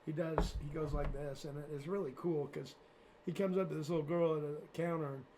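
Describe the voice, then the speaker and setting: A man's voice: a little high, steady tone, a little fast, background noise. A man, a radio host, chatting casually on a podcast in a goofy way, often trailing off and cutting in. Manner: goofy, interrupting, trails off mid-sentence. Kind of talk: casual chat.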